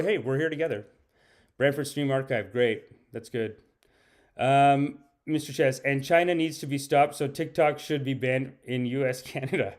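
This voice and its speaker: A man's voice: medium pitch, normal speed. A man hosting a comedic live-stream podcast, rambling and ironically boastful as he chats with viewers and reads their names.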